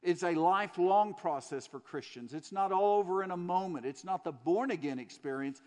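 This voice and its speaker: Preacher guy, voice sits a bit high, earnest storytelling, hammering points with repeats, big echoey church hall. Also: moderate pace, a little mellow. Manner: earnest storytelling, emphatic repetitions. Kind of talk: sermon. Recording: long hall reverb.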